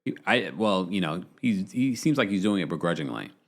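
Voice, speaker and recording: A man's voice: low-pitched, brisk. A man hosting a live-stream reality TV recap, chatting casually and reading out viewer comments. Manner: chatty, animated, reads viewer super chats. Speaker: podcast host.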